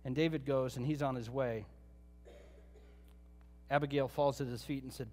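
A pastor preaching a sermon, retelling a Bible story in a conversational way with joking asides. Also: male voice, medium pitch, fairly even intonation, moderate pace, long pauses, a little mellow, big-room sound.

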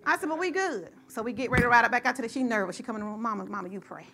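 A middle-aged woman preaching a sermon and telling a personal story, in a lively call-and-response style that rises to shouts. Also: on the high side, rapid-fire.

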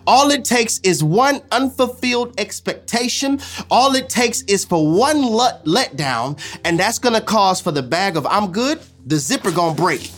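A man preaching a sermon as pastor, repeating lines and swinging from loud declarations to hushed asides. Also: high-pitched, expressive, unhurried.

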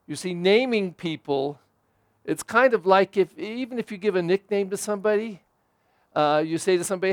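A man's voice: sits high, expressive, moderate pace, no echo. Man preaching a homily, dry close sound. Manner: conversational preaching, rising for emphasis and dropping soft for prayer. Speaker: priest. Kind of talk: homily at Mass.

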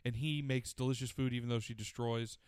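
A man retells a show with crude, profane enthusiasm, acting out its characters' lines in quoted voices. His clear, resonant, medium-pitched voice runs a little fast, captured in clean studio sound without echo.

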